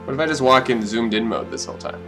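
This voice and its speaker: A man's voice: medium pitch, very animated, quick pace, music in the background. A young man joking his way through a game as let's play commentary, talking to himself with mock drama. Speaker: gaming YouTuber.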